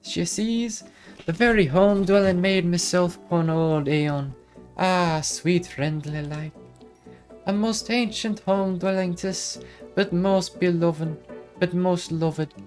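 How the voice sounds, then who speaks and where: A man's voice: high voice, slow, a little mellow, soft background music, pitched above the performer's own voice. A man voicing a bouncy, ancient female fairy in a put-on Irish accent, with dreamy, garbled, old-fashioned phrasing. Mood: tender. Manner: lilting, garbled archaic phrasing.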